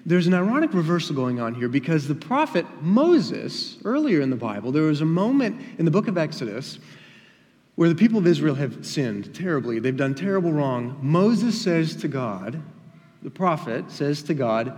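A man's voice: a little high, sing-song, moderate pace, darkish tone. Emphatic man preaching in a reverberant hall. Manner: emphatic, with rising and falling emphasis. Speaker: pastor. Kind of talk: sermon. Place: church sanctuary.

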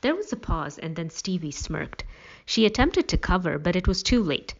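Woman reading a story aloud, lowish voice, wry, muffled recording. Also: big pitch swings, moderate pace. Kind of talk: first-person story narration.

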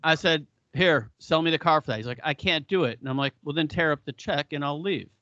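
Swearing storyteller guy, brightish higher voice, dead dry, kinda muffled audio. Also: fairly quick, no echo. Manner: profane, animated storyteller who acts out quotes. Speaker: podcast co-host. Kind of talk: casual storytelling chat.

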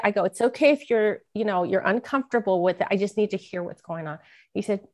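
A woman's voice: medium pitch, fast talker, darkish tone. A middle-aged woman, an author guest in a podcast interview, telling a personal story earnestly and acting out the voices of people she quotes.

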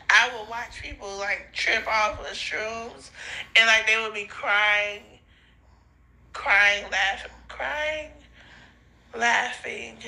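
A woman's voice: fairly high pitch, creaky, sharp tone, rough recording. A woman rambling in phone voice notes to a friend, swearing a lot, laughing and crying in turns and losing her train of thought. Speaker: podcast host sending voice notes. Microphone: phone voice memo.

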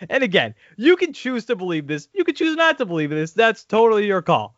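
Crude, animated sports podcast host. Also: male voice, sits high, a little fast, hardly any pauses, no echo. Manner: animated, crude, laughing asides. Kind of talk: casual sports podcast chat. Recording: dull lo-fi audio.

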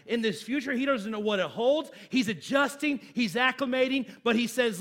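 A pastor preaching a sermon, moving from loud emphatic lines to low hushed phrases, chatting with and joking with his congregation. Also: moderate pace, hardly any pauses. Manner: conversational, asks the congregation questions and jokes with them.

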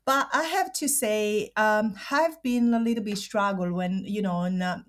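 Italian-accented woman guest, halting storyteller, middle pitch. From Italy. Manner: halting, searching for words in non-native phrasing. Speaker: podcast guest. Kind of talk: personal storytelling. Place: studio sat with hosts.

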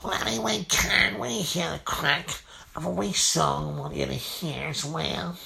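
A performer voicing a fussy, prudish childlike nephew, who talks slowly and repeats himself. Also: mid-range voice, gravelly, a crowd in the background. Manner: slow, halting, repeats itself.

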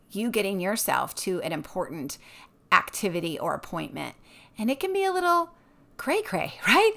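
Upbeat, expressive woman giving family tips. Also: mid-range voice, moderate pace, vocal fry. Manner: upbeat and expressive, laughs often. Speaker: mom sharing a devotional routine. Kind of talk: casual tips talk.

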